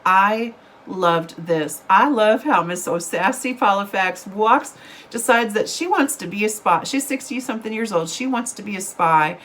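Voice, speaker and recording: A woman's voice: medium pitch, fairly bright tone, slight background noise, rough recording. A woman, a book vlogger chatting casually to camera over coffee, rambling and giggling, still getting over an illness. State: recovering from illness.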